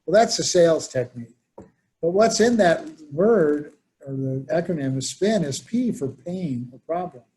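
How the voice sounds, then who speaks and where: Running a conversational workshop, a man tells anecdotes and acts out the voices of the people he quotes. His voice is a little high with a darkish tone, animated, at a moderate pace.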